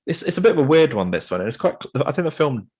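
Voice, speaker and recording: A man's voice: mid-range voice, sing-song, quick pace, darkish tone, husky. A man co-hosting a podcast in casual chat, talking in hesitant bursts with restarts. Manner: hesitant, many fillers and restarts. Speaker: podcast co-host.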